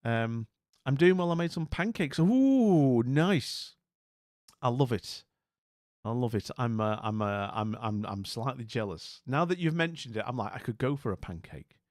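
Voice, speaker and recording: A man chatting on a live stream, bemused and rambling, tripping over his own restarts. His voice sits at an ordinary middle pitch. The mic is close and dry, with no room sound at all. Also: expressive, unhurried, a little mellow, no room sound. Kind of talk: casual live-stream commentary.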